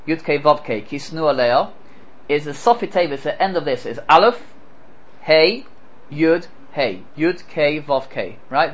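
A man with a slightly high, fairly bright voice lectures on scripture as a Torah teacher, speaking briskly and with animation. He asks rhetorical questions and reads Hebrew verses aloud before translating. The recording is rough.

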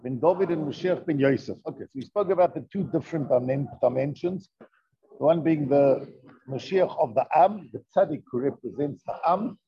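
A man with a fairly high voice, speaking at a normal speed, teaches a Torah lesson and reads the text in class. His style is conversational, full of rhetorical questions and Hebrew terminology, captured on a dull lo-fi recording.

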